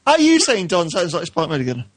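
A man's voice: sits high, huge pitch swings, brisk, fairly bright tone, no echo. A man on a podcast panel, playful and self-mocking.

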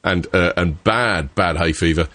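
A man's voice: low voice, a little slow, pushed and bright, no room sound. A British man hosting a podcast panel in casual, jokey chat, swearing now and then. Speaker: podcast host.

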